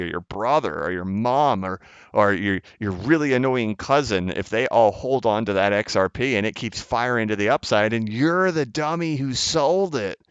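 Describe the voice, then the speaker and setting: A man's voice: fairly low pitch, a bit bright, clean tone, no echo, highs cut off. A man hosting his channel, talking emphatically in a casual market commentary monologue with chuckling asides. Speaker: channel host.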